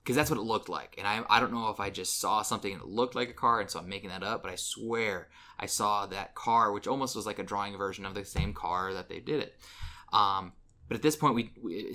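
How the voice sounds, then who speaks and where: A man's voice: lowish voice, brisk, sharp tone. A man co-hosting a podcast, casually retelling a horror movie scene with lots of ums and restarts. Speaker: podcast co-host. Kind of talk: casual movie recap chat.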